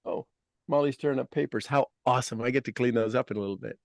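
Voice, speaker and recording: A man hosting a casual podcast conversation as a life coach, talking in an emphatic, blunt and animated way. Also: medium pitch, fast, vocal fry, dry recording.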